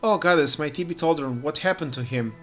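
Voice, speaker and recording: A man's voice: a little high, fairly quick, fairly bright tone, soft background music, pitched above the performer's own voice, natural voice. A man voicing a fussy, motherly cat owner who dotes and fusses, for a game. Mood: doting. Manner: doting, fussing.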